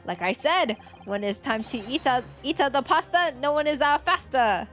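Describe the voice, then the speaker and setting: A woman's voice: high-pitched, animated, moderate pace, fairly bright tone, faint music behind, pitched above the performer's own voice. A woman doing a comic Italian thug. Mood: pleading. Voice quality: exaggerated comic accent, fillers. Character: excitable male Italian thug, food-loving.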